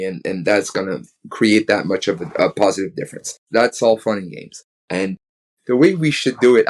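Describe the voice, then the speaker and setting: A man in his thirties, a guest speaker on a podcast, telling a lively story, chuckling often and checking in with "right?". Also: medium pitch. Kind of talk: casual podcast talk.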